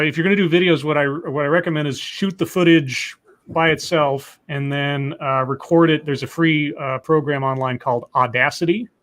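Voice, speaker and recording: Male stream host, casual, jokey, a bit higher voice, stumbles through restarts. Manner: relaxed, joking, many fillers and restarts. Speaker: livestream host. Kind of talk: casual call-in chat.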